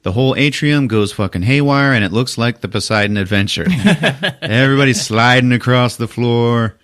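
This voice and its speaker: A man's voice: mid-range voice, moderate pace. A man hosting a podcast, recapping a movie in casual chat, swearing freely and acting out the characters' lines. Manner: animated, swears a lot, acts out characters' lines. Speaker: podcast host.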